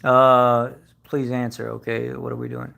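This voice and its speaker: A man's voice: mid-range voice, monotone, a little slow, gravelly, fairly bright tone. A man hosting a casual car-channel live stream, rambling with fillers and restarts.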